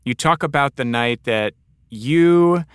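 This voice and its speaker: Interviewer guy, smooth clear voice, dry close sound, thoughtful. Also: medium pitch, slow, dry recording. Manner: thoughtful, retells guest's stories. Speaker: interviewer host. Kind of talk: casual interview.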